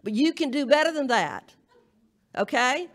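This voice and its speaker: A woman's voice: high voice, expressive, measured pace. Folksy Southern woman minister preaching. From Southern United States. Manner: humorous, emphatic, call-and-response with congregation. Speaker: minister giving the charge. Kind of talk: folksy sermon-style charge. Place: church sanctuary at a live service.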